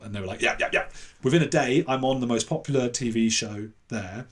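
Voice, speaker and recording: A man with an English accent telling a long anecdote as a podcast guest, animated and acting out the voices of other people. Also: lowish voice, quick pace, few pauses. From England. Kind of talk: casual anecdote in an interview.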